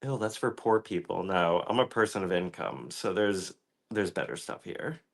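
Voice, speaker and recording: A man hosting a podcast, trading crude, campy jokes with a sarcastic deadpan delivery. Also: low voice, normal speed, vocal fry. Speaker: podcast host. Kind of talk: crude comedic podcast banter.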